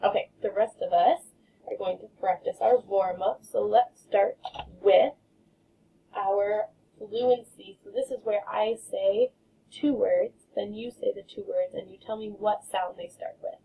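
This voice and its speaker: Slow gravelly kindergarten teacher. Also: female voice, mid-range voice, dark tone. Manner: slow, drawn-out modeling of sounds and words. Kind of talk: recorded remote phonics lesson. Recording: dull lo-fi sound from off-mic.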